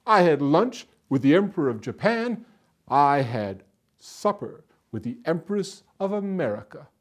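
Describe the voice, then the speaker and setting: A hungry soldier home from the war, polite at first, then a grand, persuasive showman, as a storyteller puts him on. His voice swoops through a lively, wide pitch range, pitched a little above the middle. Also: unhurried.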